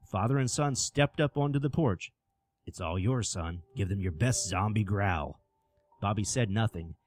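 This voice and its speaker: Expressive low-voiced male storyteller. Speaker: narrator. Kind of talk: scripted horror story narration.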